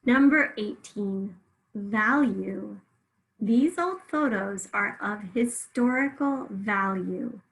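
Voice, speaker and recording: A woman teacher giving a spelling test and going over the answer key, saying each word and breaking it into syllables with clear, careful enunciation. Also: medium pitch, lively intonation, slow, poor audio.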